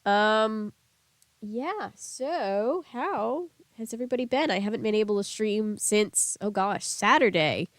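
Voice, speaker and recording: In this casual live-stream chat, a young woman talks with her viewers at an unhurried pace, her medium-pitched voice full of lively intonation. She reads chat aloud, laughs often, and keeps coughing a bit as if she's slightly sick. There's no room sound.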